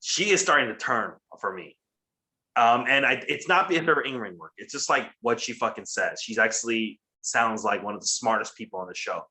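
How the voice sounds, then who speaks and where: A man's voice: mid-range voice, animated, brisk, pushed and bright. A man co-hosting a casual show, recapping wrestling in a profane, rambling way. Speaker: podcast co-host.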